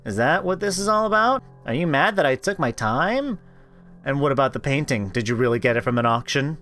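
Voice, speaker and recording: A man's voice: medium pitch, sing-song, fairly quick, fairly bright tone, soft background music, pitched above the performer's own voice. A man voicing a nervous young woman who hides a guilty secret in a game he reads aloud. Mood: defensive. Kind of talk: reading a visual novel aloud.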